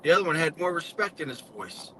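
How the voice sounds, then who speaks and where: A man's voice: on the high side, very animated, fast, bright, forceful tone, slight background noise, rough recording. A man earnestly telling his story in casual live-stream chat, with folksy speech.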